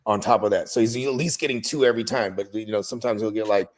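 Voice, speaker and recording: A man's voice: fairly low pitch, quick pace. A man chatting casually with a friend, laid back, speaking in slang with lots of "you know what I mean.". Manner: laid-back slang, many fillers and restarts. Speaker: guest friend. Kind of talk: casual chat.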